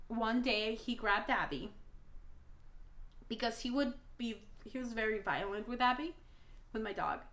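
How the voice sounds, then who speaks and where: A woman's voice: on the high side, measured pace, long pauses, fairly bright tone, echoey room. A woman telling an emotional storytime vlog, blunt and rambling, swearing a lot, a native Spanish speaker talking in English. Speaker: vlogger.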